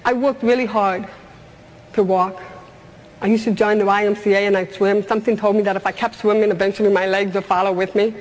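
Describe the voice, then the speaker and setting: A woman's voice: medium pitch, fairly even intonation, a little fast, a little hiss or hum. A middle-aged woman giving a motivational talk, telling her life story earnestly with humorous asides. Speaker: motivational speaker.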